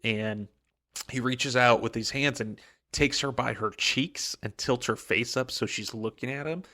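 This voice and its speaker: A male podcast co-host recapping a novel in casual chat. His voice sits in an ordinary middle pitch for a man. He rambles, stacking "like" and "um" as he goes. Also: unhurried, pushed and bright. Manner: rambling, lots of "like" and "um".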